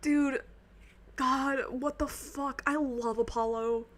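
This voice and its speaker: A woman's voice: high voice, steady tone, slow. A woman streaming a video game, chatting casually and emotionally about the story with many ums and asides. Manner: gushing, emotional fan with lots of ums. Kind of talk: casual game commentary and reading dialogue aloud.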